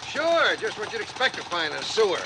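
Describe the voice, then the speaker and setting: Gruff police lieutenant, high-pitched voice, loud street noise behind. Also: male voice, very animated, a little fast, heavily acted. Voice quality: brusque, commanding. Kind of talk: 1950s film acting.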